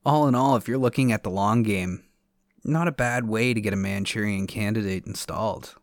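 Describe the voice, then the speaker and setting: A man hosting a podcast who reads a scripted monologue with dry, sardonic humor. His voice sits fairly low, and the recording is close and dry with no room sound. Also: moderate pace, no echo. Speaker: podcast host.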